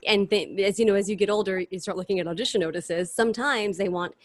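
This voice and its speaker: A woman's voice: mid-range voice, fast talker. A woman in her thirties, a stage performer, chatting animatedly about her career in a casual interview over a video call. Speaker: guest performer.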